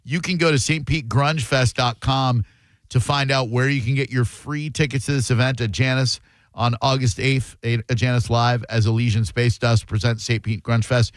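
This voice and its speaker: A man's voice: mid-range voice, steady tone, normal speed, no echo, low-quality recording. A man hosting a call-in radio show, brash and condescending, trading insults with callers. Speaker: radio host.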